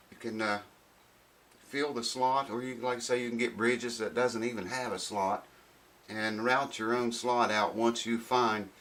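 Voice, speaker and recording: A man's voice: on the low side, pushed and bright, rough recording. A man chatting casually on his guitar repair vlog while unboxing parts, rambling and thinking aloud in a folksy way.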